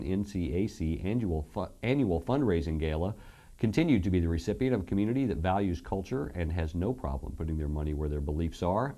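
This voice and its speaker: A man's voice: lowish voice, warm tone. A man reading local news headlines as the anchor of a studio newscast. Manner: brisk scripted headline delivery. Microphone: studio mic.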